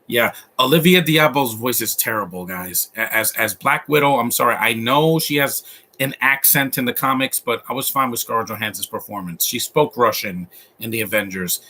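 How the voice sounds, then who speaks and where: A man's voice: medium pitch, moderate pace, sharp tone, slight background noise. A man giving a casual, opinionated live commentary over a movie, rambling with frequent restarts. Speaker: host.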